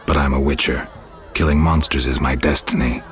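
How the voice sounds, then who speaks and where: A man's voice: extremely low pitch, fairly even intonation, fairly quick, a faint crowd. A man voicing a weary, stoic male monster hunter who speaks in a dry, terse, sardonic way. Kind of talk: video game voice acting.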